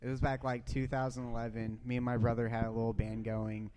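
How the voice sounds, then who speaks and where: A man's voice: mid-range voice, little pitch movement, fairly quick, a little mellow. A young man co-hosting a radio talk show, laid-back and slangy, swearing freely in casual chat.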